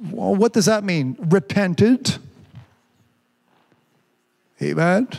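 This male preacher's high voice is creaky and a little mellow, with lively intonation and a very slow pace. Full of fervor, he keeps saying amen and hallelujah and urges the congregation to respond.

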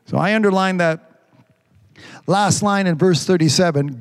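A man preaching a sermon, reading scripture slowly and stretching the words, with frequent amens. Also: high-pitched, clear, resonant tone, in a large hall. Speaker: pastor.

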